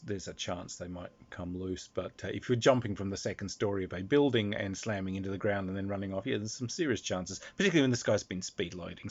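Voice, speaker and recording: A man who is a game master, telling a rambling, animated anecdote about his tabletop game, often restarting and laughing. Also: lowish voice. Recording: slightly dull lo-fi recording.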